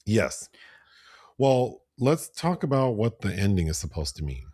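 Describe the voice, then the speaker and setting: A man co-hosting a podcast, casually retelling a film's plot and mimicking characters in higher voices. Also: a little slow, no echo, clean studio sound. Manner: animated, breaks into high voices when quoting. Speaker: podcast co-host. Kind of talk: casual film review chat.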